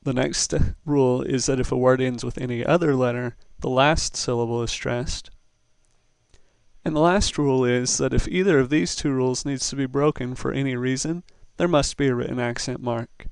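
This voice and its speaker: A man gives a recorded lesson in a slow, patient and methodical way. His voice is gravelly but smooth and resonant. The sound is dry and close to the mic. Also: mid-range voice, fairly even intonation, no room sound. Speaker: Spanish teacher.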